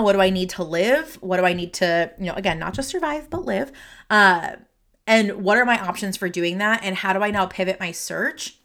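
Her voice is medium-pitched and a touch bright. Recording from her office, this career coach and podcast host rambles through a casual solo monologue with lots of fillers and false starts, sniffling and near tears.

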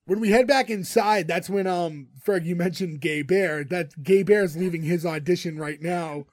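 High-voiced man recapping an episode animatedly. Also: moderate pace, dry recording, clean studio sound. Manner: animated storytelling, laughing often. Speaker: podcast co-host recapping a TV episode. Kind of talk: casual chat.

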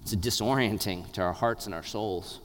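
Male pastor, 30s, animated sermon delivery, hushed to loud, reverberant hall. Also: on the low side, normal speed. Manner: animated, swings from hushed to loud with playful laughs.

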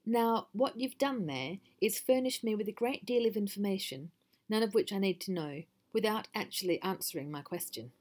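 A woman's voice: mid-range voice, expressive, normal speed, darkish tone, close to an everyday voice. A woman voicing a curt, impatient troll hiding under a bridge.

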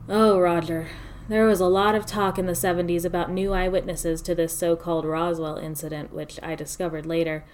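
A woman telling a first-person story in a steady, measured narration. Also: on the low side.

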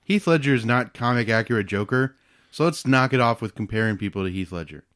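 A man's voice: medium pitch, lively intonation, fast talker, fairly bright tone, dry recording, studio quality. A man in his twenties co-hosting a casual podcast chat, talking expressively and often slipping into mock voices and quotes. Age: 20s. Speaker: podcast co-host.

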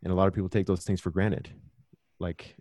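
A man's voice: deep voice, level tone, fairly quick, darkish tone, no echo. A man talking earnestly and reflectively as a podcast guest, telling stories from his own life in a casual conversation.

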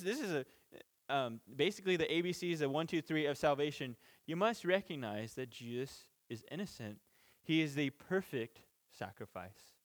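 A man with a somewhat high-pitched voice leads a relaxed Bible teaching, talking like he's chatting with the room. He laughs lightly between points and often stops to rephrase himself mid-sentence. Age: parent of children. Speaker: pastor.

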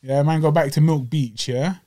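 A young man co-hosting a podcast in loose, slang-heavy chat. He tells stories with energy, his slightly high voice climbing when something annoys him. The studio sound is close. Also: moderate pace. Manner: animated storytelling with slang, voices rising when riled. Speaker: podcast co-host. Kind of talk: casual chat. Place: small home studio.

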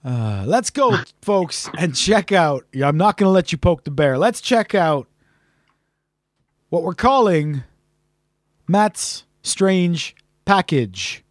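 A man co-hosting a podcast in casual chat, rambling and halting with many fillers and restarts. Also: high-pitched, animated, dry recording, clean studio sound. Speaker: podcast co-host.

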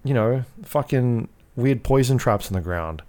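A man's voice: mid-range voice, animated, a little slow, warm tone. A man co-hosting a casual podcast, rambling and full of fillers, swearing freely as he talks through his thoughts. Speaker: podcast co-host. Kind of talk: casual chat about video games.

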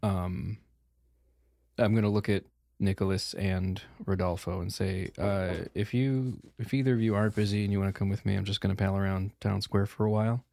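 A man's voice: lowish voice, flat delivery, gravelly, dark tone, no room sound. A man talking casually and hesitantly as a player in a tabletop game. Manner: laid-back, hesitant, drawn-out.

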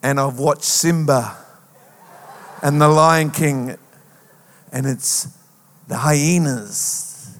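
A man preaching a lively sermon as a pastor, with a sing-song rhetorical delivery. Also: fairly high pitch, drawn-out words, pauses often. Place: church auditorium. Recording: long hall reverb.

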